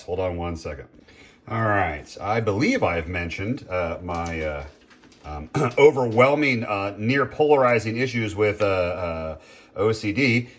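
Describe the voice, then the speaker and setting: A man's voice: lowish voice, a bit bright. A man casually chatting as he cooks at home, rambling, interrupting himself and filling gaps with ums and uhs. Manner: rambling, self-interrupting, chatty with frequent fillers. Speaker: home cooking vlogger. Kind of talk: casual cooking commentary.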